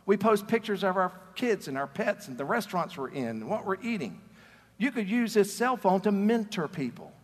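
A man's voice: sits high, big pitch swings, normal speed. A man preaching a conversational sermon as pastor, earnest and storytelling, often repeating words as he starts a sentence. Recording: long reverb of a large hall.

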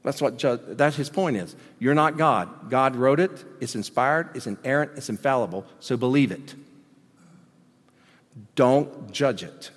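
A man preaching a sermon as pastor, animated, swinging between loud emphasis and quiet asides. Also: mid-range voice, a little slow. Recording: long hall reverb.

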